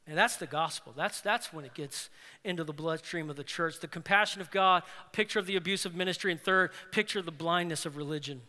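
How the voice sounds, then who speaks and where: A man preaching a sermon as pastor, animated, swinging between loud emphatic lines and hushed ones. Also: a little high, fast, in a large hall.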